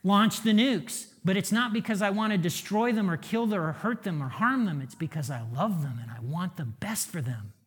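A man's voice: high voice, animated, fairly quick, hardly any pauses, breathy edge. A middle-aged man, a pastor and father, preaching a conversational sermon full of rhetorical questions.

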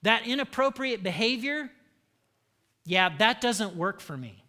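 A man's voice: high voice, animated, a little slow, pushed and bright. A man preaching a sermon, punchy and humorous, leading the congregation in call-and-response. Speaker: pastor.

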